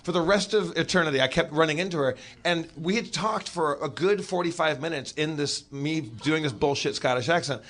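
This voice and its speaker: A man with a high, bright voice tells a comic anecdote as a podcast guest. He stumbles over restarts and repeats words as he rushes ahead. His delivery stays animated throughout. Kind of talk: comic storytelling.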